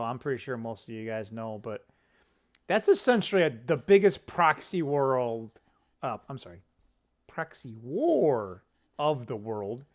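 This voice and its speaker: A man hosting a casual political commentary vlog, rambling and opinionated, with quick asides and self-corrections. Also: fairly high pitch. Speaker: political commentary channel host.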